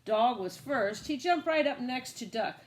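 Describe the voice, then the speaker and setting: Storybook reader, woman, lively sing-song voice, fairly high, asks the kids questions. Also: a little slow. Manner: animated, asides to children. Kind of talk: reading a picture book aloud.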